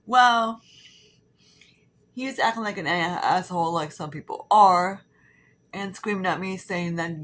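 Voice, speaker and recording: A woman's voice: lowish voice, unhurried, pauses often, fairly bright tone. A young woman chatting casually while doing her makeup, rambling and swearing with lots of fillers. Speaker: beauty vlogger. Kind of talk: casual get-ready-with-me storytelling.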